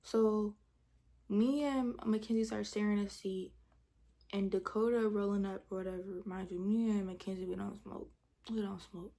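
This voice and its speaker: A woman's voice: mid-range voice, steady tone, moderate pace, warm tone. A young woman, telling a storytime in casual chat, retelling with dramatic quotes and whispered asides. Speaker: vlogger.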